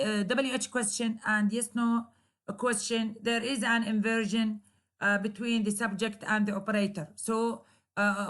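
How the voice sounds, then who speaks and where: Woman teacher, arabic first language, slow and careful with lots of uh's, kinda high voice. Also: fairly bright tone. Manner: slow, careful explaining with frequent hesitations. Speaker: university lecturer. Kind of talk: recorded grammar lecture.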